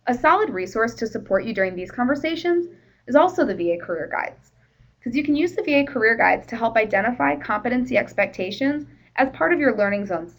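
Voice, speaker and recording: A woman's voice: on the high side, muffled recording. A woman presenting a workplace training session in a conversational, explanatory way, with the odd "you know".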